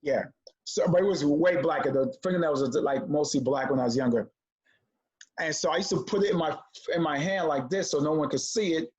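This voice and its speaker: A man telling a story in a relaxed conversation, his voice sitting a little high. He acts out the voices of the people in his tale with lively energy. The audio is somewhat dull and lo-fi. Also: fairly quick. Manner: animated storyteller acting out quoted voices. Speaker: comedian guest.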